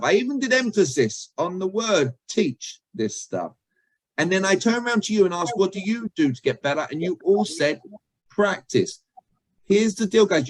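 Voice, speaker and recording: His voice sits high, and the recording is rough but echo-free. He's a communication trainer from Britain running a workshop on a video call, keeping it chatty with jokes and questions for the audience.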